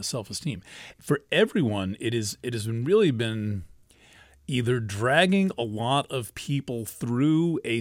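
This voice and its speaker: A man's voice: mid-range voice, no room sound, studio quality. A man giving a casual astrology talk, rambling and emphatic, often restarting and cursing freely.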